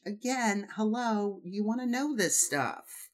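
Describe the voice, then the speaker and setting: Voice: medium pitch, measured pace, fairly bright tone. Gossipy host reading reality show blogs, snarky, lots of "like", laughs at own jokes. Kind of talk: comedic commentary and blog reading.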